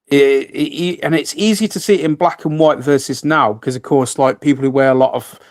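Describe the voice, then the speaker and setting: A man's voice: medium pitch, steady tone, brisk, a little mellow, dry recording. A man hosting a casual radio chat, rambling with many restarts and fillers. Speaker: host.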